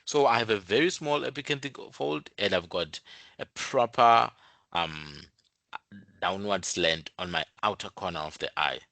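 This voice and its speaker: A man's voice: lowish voice, a little slow, gravelly, sharp tone, dry recording. A man who explains things step by step in an informal talk, repeating his points and using many fillers. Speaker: channel host.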